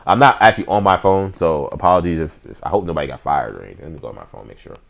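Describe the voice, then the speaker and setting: A man's voice: very deep voice, animated, rapid-fire, vocal fry. A man hosting a casual live-stream sports talk show, opinionated and slangy, speaking straight to his chat viewers. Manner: frequent fillers and restarts, slangy.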